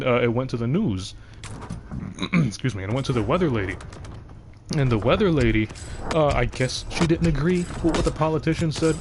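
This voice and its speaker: A young man with a deep voice, chatting casually on a game livestream and rambling from thought to thought with frequent restarts. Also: noisy background. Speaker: game streamer.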